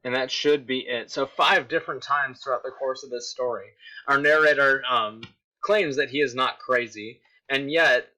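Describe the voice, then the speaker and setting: A man's voice: medium pitch, normal speed, bright, forceful tone. A male teacher giving a recorded literature lesson, explaining step by step and checking in with "right?". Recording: dull lo-fi recording.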